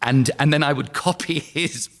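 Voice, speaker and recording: A man's voice: on the high side, moderate pace. A man in his fifties with a London accent, an actor telling anecdotes as a podcast guest, laughing through his stories. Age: 50s. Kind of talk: casual anecdotal chat.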